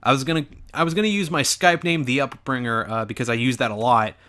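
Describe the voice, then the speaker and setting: A man's voice: medium pitch, quick pace, sharp tone. A young man hosting a gaming channel, giving rambling, self-mocking commentary over an old video of himself.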